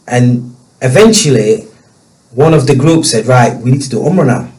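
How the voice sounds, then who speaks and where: A man telling a personal story as a guest, emotional and halting, with many restarts. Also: medium pitch, lively intonation, darkish tone, poor audio.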